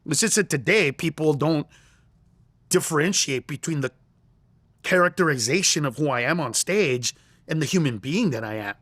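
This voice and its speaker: A man's voice: fairly high pitch, lively intonation, normal speed, fairly bright tone, dry recording. A middle-aged man, a comedian, telling a story in conversation and acting out the lines he quotes. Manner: acts out quoted lines in raised voice, laughs through story. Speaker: comedian guest.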